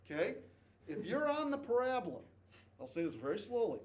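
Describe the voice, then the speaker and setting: A man's voice: on the high side, sing-song, a little fast. A male math teacher lecturing a class, repeating key points and checking in with "okay?". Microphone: distant camera mic. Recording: echoey classroom from far off, faint noise.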